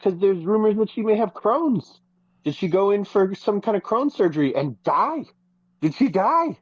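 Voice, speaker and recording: A podcast co-host in casual gossip chat, telling stories in an animated, profane way. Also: mid-range voice, moderate pace, dry recording, highs cut off. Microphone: podcast microphone.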